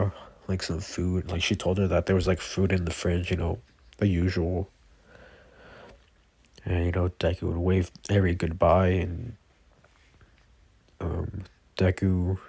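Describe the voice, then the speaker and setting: Gravelly low-voiced man telling a story. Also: darkish tone, no echo. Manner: rambling, lots of fillers and self-corrections. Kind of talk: casual improvised fan storytelling.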